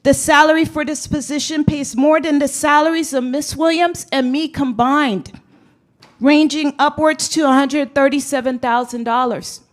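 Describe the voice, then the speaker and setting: A woman clerk reading a prepared statement to a school board in a formal, measured way. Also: high-pitched, steady tone. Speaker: public records clerk, public commenter.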